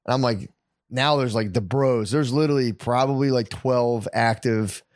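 A man's voice: mid-range voice, normal speed, no room sound, studio quality. A man telling a story in casual chat, swearing often and acting out the people he quotes. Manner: profane, animated storytelling with quoted voices.

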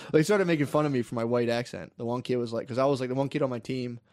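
Man in his thirties, casual chat, animated storyteller, swears a lot, dry close sound. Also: mid-range voice, quick pace, no room sound. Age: 30s.

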